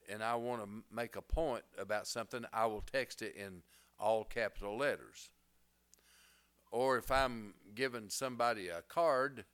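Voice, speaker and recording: Slow-preaching man with a smooth voice. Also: lowish voice, a bit bright. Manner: preacherly, rising to emphatic bursts, folksy asides. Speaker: pastor. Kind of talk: sermon.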